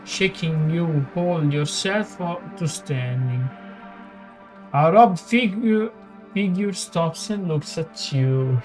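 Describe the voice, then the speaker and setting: An Italian-accented man playing a role-playing game, reading the story text aloud haltingly with muttered asides. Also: high-pitched, a little mellow. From Italy. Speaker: gaming channel host.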